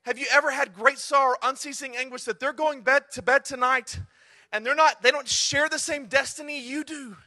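A man's voice: extremely high pitch, steady tone, normal speed, pushed and bright. A man preaching a sermon, conversational and humorous with earnest, impassioned stretches. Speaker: pastor.

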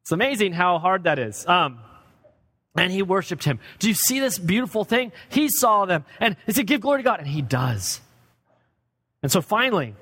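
Male pastor, sermon delivery, emphatic with hushed drops, slightly high voice, long church reverb. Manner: swings from loud emphatic preaching to low quiet asides. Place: church sanctuary.

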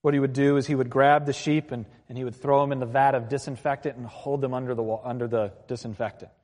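Male pastor preaching, earnest, big echoey hall, mid-pitched voice. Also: fairly even intonation, fast talker. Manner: earnest, mixes quieter reflective lines with raised passages. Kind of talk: sermon. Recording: long hall reverb.

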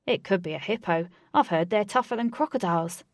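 A woman voicing an excitable, easily startled young man in a storybook reading, with loud, high exclamations. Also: brisk, no room sound, clean studio sound, lightly acted. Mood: puzzled.

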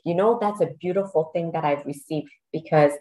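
A woman's voice: deep voice, brisk, dark tone, rough recording. A middle-aged woman, a podcast guest, telling a personal story earnestly and getting choked up, with laughs between phrases.

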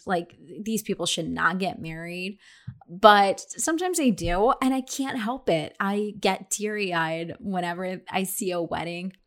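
Chatty woman teaching English expressions. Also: mid-range voice. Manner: chatty, many fillers and restarts. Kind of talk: casual spoken lesson.

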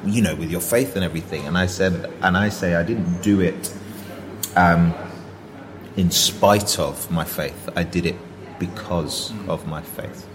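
Brief: deep-voiced male actor guest, reflective and sincere. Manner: earnest, reflective, with many restarts and fillers. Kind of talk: casual interview storytelling.

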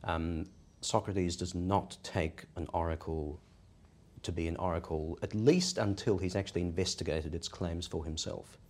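A man explaining ideas in a measured academic discussion, posing rhetorical questions as he goes. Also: low-pitched, steady tone, a little mellow. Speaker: podcast discussant.

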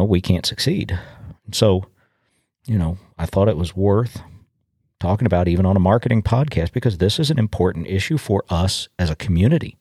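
Man, middle-aged, farmer podcast host, very low voice, folksy plainspoken storytelling, dry close sound. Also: a little mellow, husky, no echo. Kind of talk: casual storytelling monologue. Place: home in a rural community.

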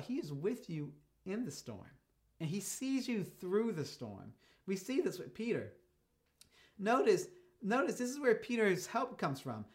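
A man preaching a sermon as a pastor, telling stories in a casual, conversational way and shifting his pace for emphasis. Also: high-pitched. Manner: casual storytelling preacher, speeds up and slows down for emphasis.

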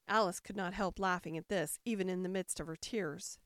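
A woman narrating a storybook aloud in an expressive way, switching into voices for the characters. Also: on the low side, moderate pace, few pauses, no room sound, clean studio sound. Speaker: audiobook narrator. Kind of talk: storybook reading.

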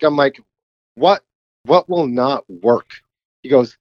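Man from Michigan, lively story call-in. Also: medium pitch, a little slow, no room sound, highs cut off. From Upper Peninsula of Michigan. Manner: animated storyteller acting out quotes. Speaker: listener calling in with a story. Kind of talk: casual recorded voice message.

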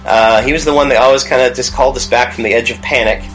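A man who works as a youth pastor, telling a personal story in a casual, halting way with many restarts. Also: mid-range voice, fairly even intonation, fairly bright tone, soft background music, rough recording. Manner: halting, with frequent restarts and fillers.

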